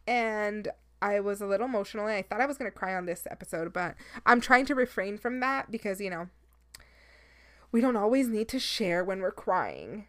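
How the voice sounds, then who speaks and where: Candid young woman podcaster, smooth voice. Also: mid-range voice, moderate pace, fairly bright tone, dry recording. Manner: emotional, candid and chatty, drops Spanish words. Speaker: podcast host. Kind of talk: casual solo podcast chat.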